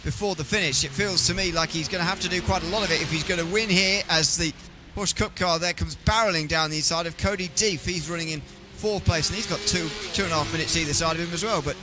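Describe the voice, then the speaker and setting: A man's voice: on the high side, fast, hardly any pauses, over music. A man giving live sim racing commentary, chatty and teasing his co-commentator.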